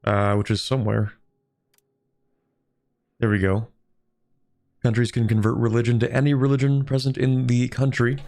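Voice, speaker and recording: A man's voice: medium pitch, level tone, normal speed, gravelly, long pauses, a little mellow. A man streaming a strategy game, chatting casually, thinking aloud and answering viewers' questions. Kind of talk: casual gameplay commentary.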